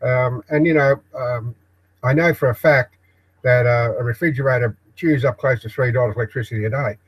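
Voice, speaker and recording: An older man with an Australian accent talks off the cuff on his own live broadcast, recorded in a backyard shed office. His voice sits at an ordinary middle pitch. He speaks in a halting, meandering way, full of ums, pauses and false starts. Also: fairly even intonation, rough recording. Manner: hesitant, halting, many ums and restarts. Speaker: live stream host. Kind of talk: rambling live broadcast monologue.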